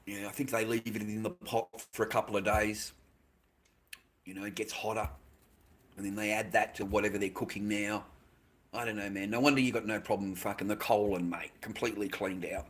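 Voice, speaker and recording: A man's voice: fairly low pitch, level tone, a little fast. An Australian man chatting casually on a livestream, rambling and swearing constantly, with "mate" in almost every line.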